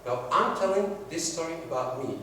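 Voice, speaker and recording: A man's voice: fairly high pitch, lively intonation, moderate pace, sharp tone, a little hiss or hum. A man teaching a sales workshop, telling stories and acting out the dialogue. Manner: storytelling, acts out quoted dialogue. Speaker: sales trainer. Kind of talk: classroom workshop talk. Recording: very echoey room, mic far off.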